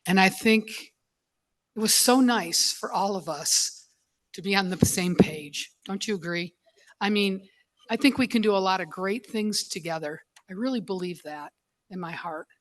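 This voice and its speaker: A school board member, a woman, speaking at a public meeting in an emotional, halting way, choked up and apologizing as she goes. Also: medium pitch.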